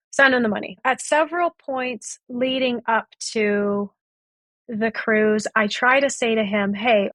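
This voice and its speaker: A woman's voice: on the high side, a bit bright, no echo. A woman guest on a podcast, retelling a past relationship and acting out both sides of the conversations. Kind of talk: storytelling in a podcast interview.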